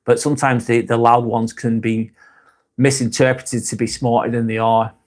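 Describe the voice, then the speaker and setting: A man's voice: mid-range voice, level tone, moderate pace, darkish tone. A man with a Lancashire accent, hosting a casual live stream, reading out viewer comments and answering them frankly, swearing often. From England. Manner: frank, swears freely, muses aloud.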